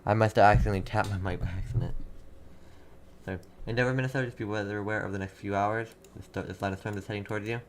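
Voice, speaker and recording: A young man with a lowish voice runs a live weather stream from his home desk, reading chat comments aloud and repeating town names before each storm alert. He sounds casual and a little distracted, and faint keyboard typing is heard behind him. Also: steady tone, fast talker, slight background noise. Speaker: livestream weather host.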